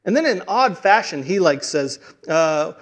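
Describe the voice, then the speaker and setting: A man preaching a sermon, telling the story with dramatic swings between hushed and emphatic delivery, often restarting his words. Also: sits high, big pitch swings, unhurried. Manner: frequent restarts and stumbles.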